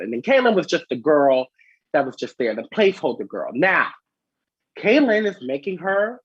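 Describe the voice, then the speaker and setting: Sassy husky-voiced male gossip host. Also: on the high side, no echo, lo-fi sound. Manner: sassy, animated, chatty. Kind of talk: casual gossip vlog.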